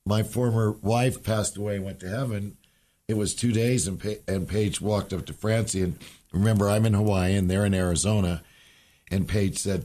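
A man's voice: fairly low pitch, fairly even intonation, moderate pace, dark tone. A man as a podcast guest, telling rambling, emotional stories in a folksy, casual way. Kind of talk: casual storytelling chat.

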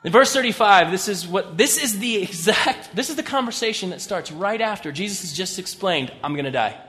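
High-voiced male pastor in a reverberant hall. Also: lively intonation, fairly quick, sharp tone. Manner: conversational preaching with humorous asides. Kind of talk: sermon. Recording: long reverb of a large hall.

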